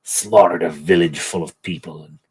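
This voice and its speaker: A man's voice: low-pitched, normal speed, a little mellow, breathy edge, low-quality recording. A middle-aged man hosting a livestream, chatting casually in a rambling, joking way while painting miniatures. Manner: rambling, self-deprecating, joking. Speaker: livestream host.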